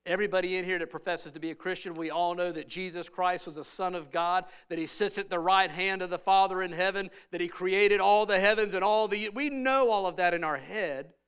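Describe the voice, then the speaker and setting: Bright-voiced preacher. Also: male voice, sits high, fairly even intonation, a little fast, hardly any pauses, clear, resonant tone. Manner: conversational preaching that swings from hushed to loud and emphatic. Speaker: pastor. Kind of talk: sermon. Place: church sanctuary.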